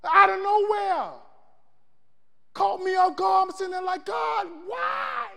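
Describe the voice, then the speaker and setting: A man a sermon in call-and-response style, swinging between loud shouts and hushed low passages. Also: little pitch movement, unhurried, creaky, big-room sound, a faint crowd. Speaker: preacher.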